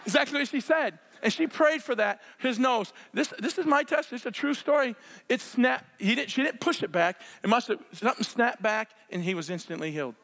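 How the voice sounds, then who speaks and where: Excitable high-voiced male preacher. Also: moderate pace, long reverb tail. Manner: excitable storyteller, shouts and laughs while acting out scenes. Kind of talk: sermon with personal healing stories. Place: church sanctuary.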